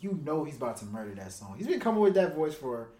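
A man's voice: a little high, big pitch swings, fast talker, warm tone. A man co-hosting a hip hop podcast, tossing in dry jokes and short agreeing replies. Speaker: podcast co-host. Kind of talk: casual music review chat. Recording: echoey room with faint ambience.

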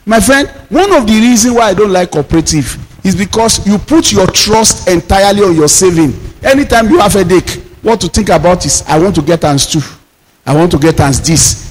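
A male pastor delivering a sermon, drawing out emphatic declarations slowly. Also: high voice, a little hiss or hum. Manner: preaching with emphatic slowed declarations. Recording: long reverb of a hall.

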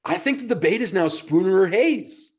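A man's voice: high voice, expressive, moderate pace. A man co-hosting a podcast, talking sports in a blunt, sarcastic way and swearing casually. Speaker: podcast co-host.

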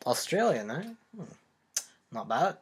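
A man's voice: mid-range voice, sing-song, unhurried, slightly rough. A teenage boy hosting a casual group chat, rambling with lots of "like" fillers and frequent laughs. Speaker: host.

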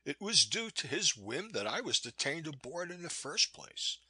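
A man reading a weary, resigned man who warns with grave, gentle insistence. The voice is husky yet forceful and bright, with lively swings in pitch, recorded dry and close. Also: moderate pace, no echo, full character voice. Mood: insistent. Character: weary, resigned man warning of a cruel captain.

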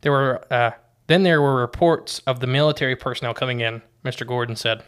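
A man's voice: medium pitch, brisk, a bit bright, clean tone. A man co-hosting a casual podcast, reading quotes from his notes and often restarting his sentences. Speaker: podcast co-host.

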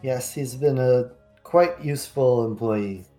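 A man playing a leader character in a tabletop role-playing game, speaking calmly. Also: medium pitch, slow, faint music behind. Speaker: player.

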